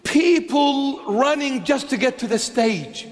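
A bishop delivering an impassioned sermon to a congregation, emphatic and swinging between forceful declarations and hushed pleading. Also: male voice, very high voice, slow pace. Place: church with a congregation. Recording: long hall reverb.

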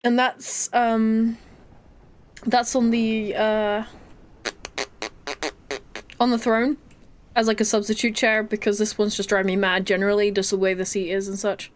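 A woman's voice: mid-range voice, little pitch movement, unhurried, pauses often, soft background music. A woman chatting casually while streaming a game, breaking into shrieks and laughs when startled. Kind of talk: casual live gameplay chat.

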